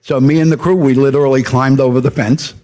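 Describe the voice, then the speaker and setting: Older man telling lively business stories. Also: mid-range voice, quick pace. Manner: anecdotal, animated, acts out quoted people. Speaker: media entrepreneur guest. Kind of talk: fireside chat storytelling. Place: stage before a live audience.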